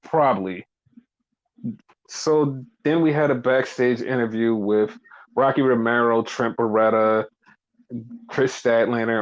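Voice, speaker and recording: A man hosting a podcast, casually recapping wrestling in a profane, animated way and acting out what people said. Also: mid-range voice, dull audio. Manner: animated, profane, acts out quoted lines. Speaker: podcast host.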